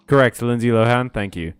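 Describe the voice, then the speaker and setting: In a dry recording, a man with a smooth, medium-pitched voice streams a video game. He chats casually and reads out chat in let's-play fashion, tossing in sarcastic asides and swearing a lot.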